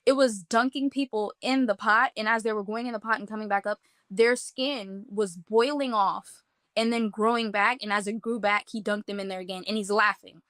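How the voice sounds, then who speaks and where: A woman's voice: medium pitch, steady tone, normal speed, fairly bright tone, dry recording, clean studio sound. A woman earnestly recounting a personal experience in vivid first-person detail, talking casually with many "like" fillers. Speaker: guest telling a personal testimony. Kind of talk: emotional first-person storytelling.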